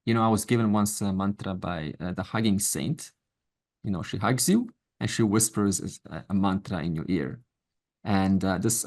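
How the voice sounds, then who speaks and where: A man's voice: low-pitched, a little mellow. A middle-aged man teaching a Vedanta class online, speaking conversationally and encouragingly, with asides and quoted voices. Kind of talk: informal lecture to an online class.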